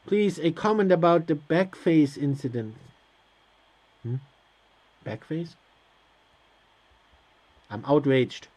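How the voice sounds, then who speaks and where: Slow, sarcastic let's play man. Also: on the high side, animated, a little mellow. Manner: sarcastic, reads game text aloud with hesitant asides. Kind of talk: casual gameplay commentary.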